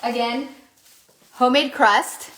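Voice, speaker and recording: A woman's voice: on the high side, fairly even intonation, takes it slowly, sharp tone. A woman hosting a casual cooking livestream, chatty and upbeat, talking to viewers as y'all from her home kitchen. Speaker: cooking show host. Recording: echoey kitchen room.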